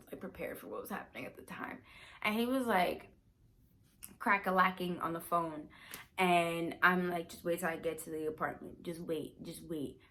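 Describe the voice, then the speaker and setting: A young woman vlogger telling a personal story in a casual, animated, emphatic way. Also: on the low side, slight background noise.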